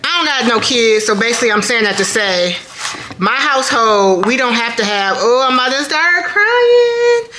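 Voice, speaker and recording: A woman's voice: fairly high pitch, expressive, moderate pace, echoey room, noisy background. A woman chatting casually to her viewers as she cooks in her home kitchen, filmed by a camera on a tripod, calling them "y'all". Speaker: vlogger cooking at home. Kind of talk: casual cooking vlog chat.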